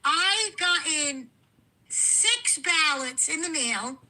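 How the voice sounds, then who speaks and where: Bright-voiced Massachusetts woman caller. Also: high voice, lively intonation, extremely slow, poor audio. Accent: Fall River, Massachusetts. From Massachusetts, USA. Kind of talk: casual call-in chat.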